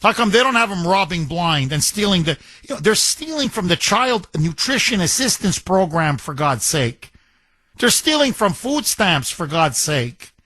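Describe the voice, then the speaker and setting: A man's voice: sits high, sing-song, normal speed, sharp tone, no room sound. A middle-aged man hosting a talk radio show, ranting in a combative, sarcastic way. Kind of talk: opinionated talk radio monologue.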